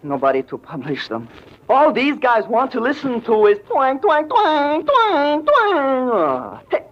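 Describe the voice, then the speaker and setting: A man's voice: very high-pitched, wildly swooping pitch, takes it slowly, heavily acted. An actor playing a chatty, jive-talking young male pianist in a 1940s radio drama, full of hipster slang. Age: young adult. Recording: dull vintage radio recording.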